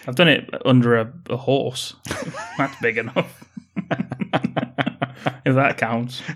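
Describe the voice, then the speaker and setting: A man's voice: medium pitch, slow pace, a bit bright. A man co-hosting a podcast, retelling a film's plot in casual chat with dry jokes. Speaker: podcast co-host. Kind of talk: casual film-review chat.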